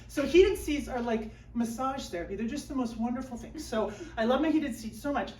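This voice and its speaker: Her voice sits on the high side with a slightly mellow quality as she mocks herself onstage, voicing her whiny inner monologue for a small comedy crowd. The room sounds roomy, the mic is somewhat far off, and there's a faint background hum. Laughter rises from the audience.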